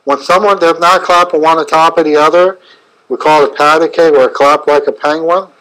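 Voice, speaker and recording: A man's voice: fairly high pitch, steady tone, a bit bright, low-quality recording. A middle-aged man with a slightly raised voice talks through a webinar lecture. He speaks in short, broken phrases, stopping often with fillers before pressing on. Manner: halting, fragmented phrasing with frequent fillers. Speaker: chiropractor presenting a webinar.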